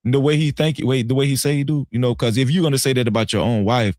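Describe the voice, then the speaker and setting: A man hosting a live stream, telling a story in a casual, animated and profane way. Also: mid-range voice, quick pace, dry recording, studio quality. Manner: animated, profane, dramatic retelling.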